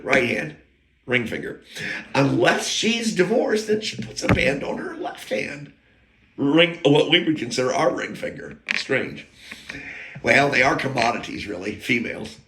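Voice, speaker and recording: Gravelly, bright-voiced man telling a rambling story. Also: medium pitch. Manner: blunt, crude, digressive, with chuckles and rants.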